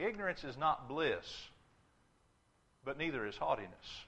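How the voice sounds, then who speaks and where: A man's voice: on the high side, lively intonation, moderate pace, a bit bright. A man preaching a sermon in a church, emphatic, often repeating words and restarting as he stresses a point. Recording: dull lo-fi sermon recording.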